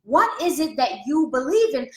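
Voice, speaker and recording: Woman coach, high-pitched, lively and frank, acts out inner doubts; roomy echo on the recording. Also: normal speed. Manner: animated, acts out her own inner voice in quotes; frank and casual, with occasional swearing. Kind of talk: motivational monologue to followers.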